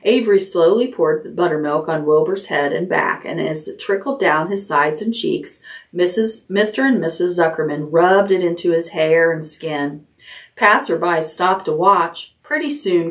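A woman, a children's librarian, reading a chapter book aloud at bedtime in a gentle, expressive way. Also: fairly low pitch, distant mic.

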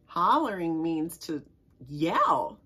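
A woman, a children's librarian, reads a picture book aloud to young children in an expressive, sing-song way and stops now and then to explain words. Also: lowish voice, slow pace, husky. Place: library story time recorded for online viewing.

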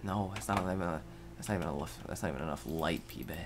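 Young guy doing game commentary, lowish voice, mumbles and whispers then yells and swears at the game. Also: fast, background noise. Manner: erratic, swings from mutters and whispers to yelling; swears freely, talks to viewers. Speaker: gaming video host. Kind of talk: casual gameplay commentary.

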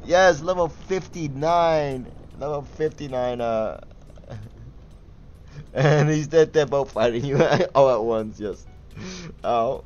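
A young man streams a game with casual, giggly commentary. He laughs easily and gets excited over loot while chatting with viewers. His voice sits mid-pitch and comes through a slightly dull, lo-fi mic. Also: slow pace, pauses often, faint music behind. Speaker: gaming livestreamer.

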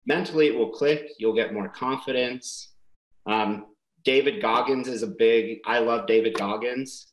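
A man's voice: mid-range voice, measured pace, echoey room, rough recording. A man giving earnest motivational sales advice in a casual webinar chat. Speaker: sales prospecting guest.

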